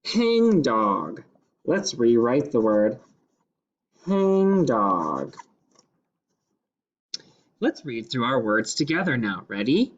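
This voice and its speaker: A male teacher leading a phonics lesson, sounding out each word slowly and deliberately. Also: medium pitch, big pitch swings. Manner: slow, deliberate sounding-out of words. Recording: slightly dull lo-fi classroom recording.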